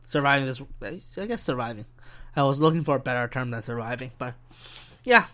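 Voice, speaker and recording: A man's voice: medium pitch, animated, a little fast, pushed and bright. A young man hosting a solo podcast, rambling and swearing, often cutting himself off mid-sentence. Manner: rambling, profane, self-interrupting. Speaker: podcast host.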